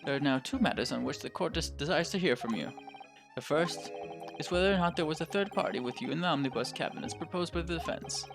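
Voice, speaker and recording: A man's voice: on the high side, quick pace, vocal fry, music in the background. A man voicing a stern older male judge, speaking in formal, commanding courtroom pronouncements.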